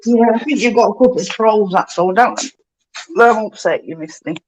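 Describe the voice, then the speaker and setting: A woman's voice: mid-range voice, a little fast, no room sound, highs cut off. A woman guest on a casual live chat. She talks in an outspoken, teasing way, tossing out blunt remarks with easy good humor.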